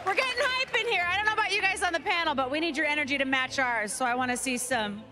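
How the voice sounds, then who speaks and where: A woman's voice: high voice, fast. A woman working as a crowd reporter, interviewing fans live in an arena with a bubbly, hype-building manner. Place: large arena among the crowd. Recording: loud arena crowd around the voice.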